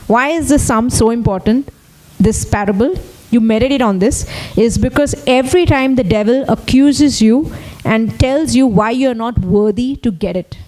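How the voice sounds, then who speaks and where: A woman's voice: a little high, a little mellow, low-quality recording. A woman pastor preaching a sermon, repeating key phrases and rising in emphasis on them. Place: church service.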